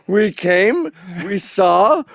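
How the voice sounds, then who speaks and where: A man doing a weary older woman politician. She drags out her words in a stiff, over-enunciated, slowed delivery. The voice is pushed high and loud. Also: lively intonation, creaky, no room sound, full character voice. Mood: mocking.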